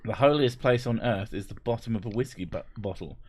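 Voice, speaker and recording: A man's voice: on the low side, fairly quick, a little mellow, slightly rough. Sweary joking man on stream. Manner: sweary, joking, laughs often. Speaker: livestream host. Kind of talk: casual chat reading chat messages.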